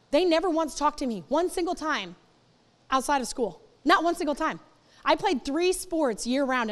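A woman giving a casual, emphatic sermon to a youth group, repeating points and acting out quotes. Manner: emphatic, repeats herself, acts out quotes in high voices. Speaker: youth ministry speaker. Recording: echoey hall.

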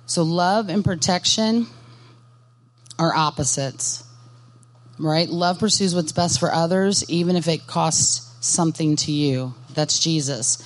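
A woman's voice: low-pitched, takes it slowly. A woman giving a Christian ministry workshop talk, speaking in an earnest, direct way and putting questions to her audience. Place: conference workshop session.

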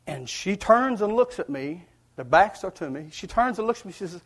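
Folksy high-voiced preacher man. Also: big pitch swings, normal speed. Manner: folksy, earnest storytelling with chuckles. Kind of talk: storytelling sermon.

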